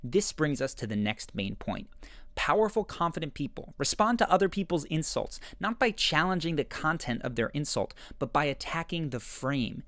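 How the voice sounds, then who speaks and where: Male narrator, scripted video essay, lively intonation, dry close mic. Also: on the high side, moderate pace, dry recording. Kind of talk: scripted narration analyzing show clips.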